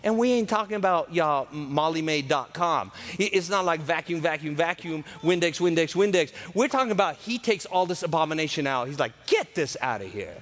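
A man preaching a folksy, joking sermon that swings between loud and soft and drops into character voices. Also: a little high, brisk, few pauses. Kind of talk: lively sermon.

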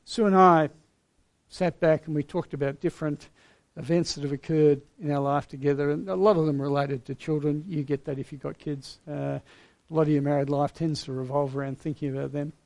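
A middle-aged man preaching a sermon as pastor, earnest and storytelling, with gentle pauses. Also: a little high, fairly even intonation.

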